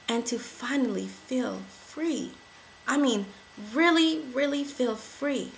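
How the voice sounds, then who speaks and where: A woman giving an emotional testimony to camera, repeating affirmations and rising to shouts. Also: medium pitch, measured pace, creaky, a little hiss or hum, low-quality recording.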